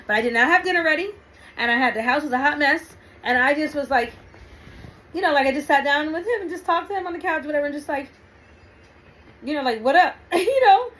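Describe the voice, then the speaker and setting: Bright-voiced woman telling a story. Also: high-pitched, low-quality recording. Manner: chatty, animated, laughs often, frequent fillers. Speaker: relationship talk host. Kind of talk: casual storytelling monologue.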